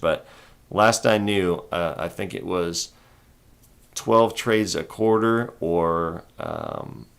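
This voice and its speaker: A man hosting a stock trading livestream in casual chat. He speaks calmly and rambles, with little inflection. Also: vocal fry. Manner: calm, low-key, rambling delivery with little inflection.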